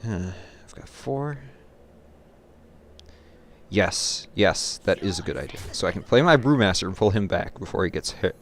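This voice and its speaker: A man giving live commentary on his own card game, thinking his moves through aloud and getting excited or laughing at his own mistakes at his home computer. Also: sits low, normal speed, long pauses, a little hiss or hum. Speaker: gameplay commentator.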